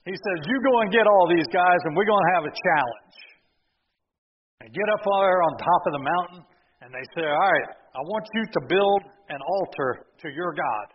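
A male pastor preaching a sermon, retelling the story with lively, sarcastic asides to the congregation. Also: on the high side, moderate pace, slightly rough, big-room sound, lo-fi sound. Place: church sanctuary.

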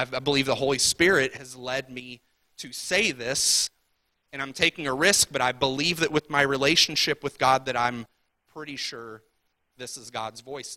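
A man's voice: mid-range voice, pushed and bright, no room sound. A man preaching a sermon as pastor, talking conversationally and asking the congregation repeated rhetorical questions.

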